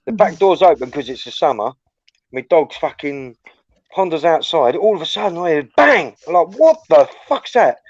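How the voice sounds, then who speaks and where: A man's voice: a little high, normal speed, no room sound, muffled recording. A man hosting a livestream, telling a crude, rambling anecdote full of swearing. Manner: crude, swearing, storytelling, animated. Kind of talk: casual chat, rambling anecdote.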